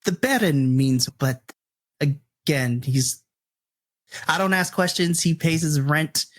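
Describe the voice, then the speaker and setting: A man's voice: on the high side, slow pace. A man voicing a wary middle-aged male tavern keeper who gives dry, matter-of-fact warnings in a tabletop game. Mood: cautious.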